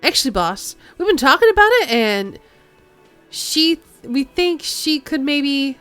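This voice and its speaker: A woman voicing a timid male dockworker who stammers and hesitates in a high, thin voice, for a video game reading. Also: sing-song, measured pace, a bit bright, no echo, faint music behind, heavily acted.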